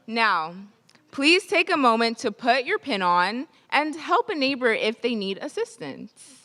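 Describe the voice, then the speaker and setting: A woman's voice: on the high side, sing-song, a little slow, pushed and bright, in a large hall. A woman emcee making upbeat, formal ceremony announcements.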